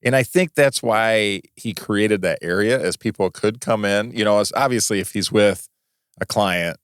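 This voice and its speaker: Low-voiced man telling a rambling story. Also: clear, resonant tone, no room sound, clean studio sound. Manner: rambling, halting storyteller with many restarts. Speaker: podcast co-host. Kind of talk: casual chat.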